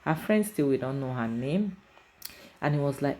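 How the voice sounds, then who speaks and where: A man recapping a drama episode in an animated, emotional, casual way. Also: mid-range voice, moderate pace, gravelly. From Nigeria. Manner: animated, emotional retelling with conversational fillers. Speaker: drama series reviewer.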